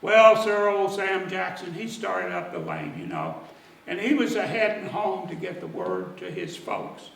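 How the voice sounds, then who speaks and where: A man telling a folksy story in dialect at a church service, animated and lively. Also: high-pitched, creaky, echoey room, far from the mic, low-quality recording. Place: church sanctuary.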